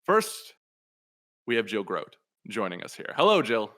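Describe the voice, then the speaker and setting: Man, podcast host, bright tone, animated pitch, casual joking chat. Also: a little slow. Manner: easygoing, lightly joking.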